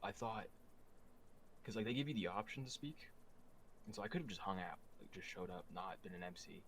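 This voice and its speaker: A man's voice: sits low, expressive, fairly quick, a bit bright, a little hiss or hum, poor audio. A man chatting casually on a podcast, rambling with lots of fillers and restarts. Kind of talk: casual chat.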